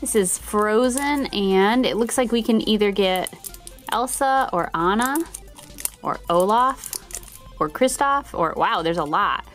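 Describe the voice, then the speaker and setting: A woman's voice: medium pitch, animated, measured pace, soft background music. A woman hosting a toy unboxing video, bubbly and giggly, gushing over each toy she opens. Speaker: toy channel host.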